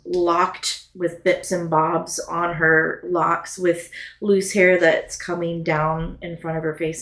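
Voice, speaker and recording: A woman's voice: on the low side, creaky, echoey room. A woman narrating a tabletop game as game master, rambling with many fillers.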